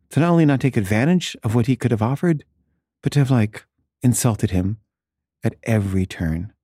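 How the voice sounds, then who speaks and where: A man's voice: lowish voice, dark tone, breathy edge, no room sound, studio quality. A man telling a casual, self-mocking anecdote in a chatty way. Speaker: storyteller.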